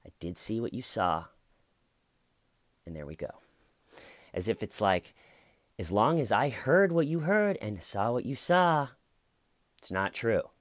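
A man's voice: lowish voice, very animated, unhurried, pauses often, no echo. A man giving casual, blunt and sardonic commentary on a true crime case.

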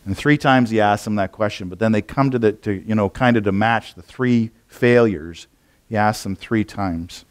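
Here a pastor with a lowish voice speaks at a moderate pace during a church sermon. His delivery rambles along casually, conversational and peppered with fillers and false starts.

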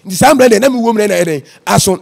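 A man's voice: sits high, rapid-fire, vocal fry, darkish tone. A man with a Ghanaian accent, an evangelist telling his life story as an interview guest and slipping English phrases into his talk. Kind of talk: personal testimony in casual interview.

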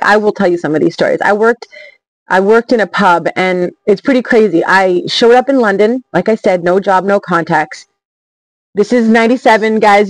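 A woman in her forties, telling travel stories in an energetic, emphatic, chatty way as a motivational vlogger. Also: medium pitch, no echo, rough recording. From Canada. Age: 40s. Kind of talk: motivational storytelling vlog.

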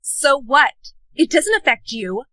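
Young woman, snappy bratty skit voice, high and bright, dry sound. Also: sing-song, measured pace, no room sound. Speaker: skit performer. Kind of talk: comedic skit acting.

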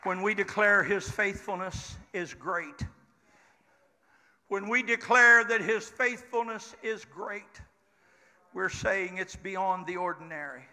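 An older man preaching a Pentecostal sermon in a church, leading the congregation in call-and-response and building up to shouts. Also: sits high, slow pace. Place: church sanctuary. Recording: church hall reverb with congregation.

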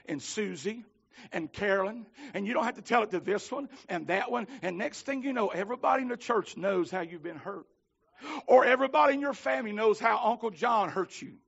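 A man preaching a holiness sermon, telling stories with fervor and swinging from shouts to low pleading. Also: gravelly, slightly rough, muffled recording. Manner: fervent, climbs to shouting then drops low. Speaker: minister.

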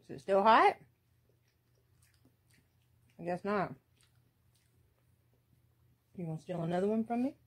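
A woman's voice: lively intonation, a little slow, long pauses. Playful Southern woman, sing-song coos. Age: 40s. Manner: coos at her pet in high, sing-song baby talk; playful, laughs often. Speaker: crafting vlogger. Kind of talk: casual home video chat. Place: at home. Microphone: phone held in hand.

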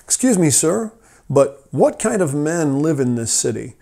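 A man's voice: fairly high pitch, sing-song, unhurried, creaky, warm tone, heavily acted. Brief: man playing a weary rider in a spoken parable, polite but grim. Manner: polite questioning, then grim listing. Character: weary traveler on horseback, from a rough town.

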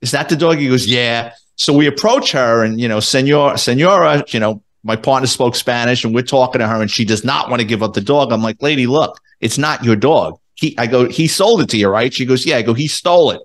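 Middle-aged New man, ex-cop guest; casual, salty storyteller who jumps into quoted voices; mid-pitched. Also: a little fast, few pauses. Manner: animated, profane, acts out quoted dialogue. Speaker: former police detective, guest.

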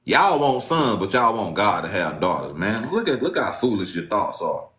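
Animated low-voiced man preaching in an echoey room. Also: moderate pace. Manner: animated, swinging from loud exclamations to low muttering; casual slangy talk. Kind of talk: informal sermon with scripture reading.

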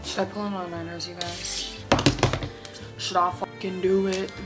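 A woman's voice: fairly low pitch, little pitch movement, measured pace, loud music behind the voice. A young woman vlogging in a casual, candid way, sleep deprived and swearing freely as she chats. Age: young adult. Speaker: college student vlogger. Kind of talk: casual vlog chat.

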